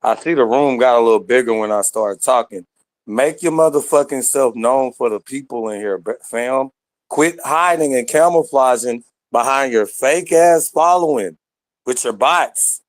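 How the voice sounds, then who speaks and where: A man's voice: mid-range voice, normal speed, no room sound. A man ranting at listeners in an online audio room, confrontational and full of slang and swearing. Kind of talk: heated rant.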